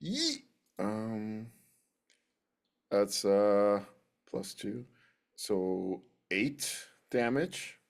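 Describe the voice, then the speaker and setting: A man's voice: fairly low pitch, drawn-out words, gravelly, long pauses, darkish tone, clean tone. A man playing a tabletop game in a casual, playful way, with sound effects. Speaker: player.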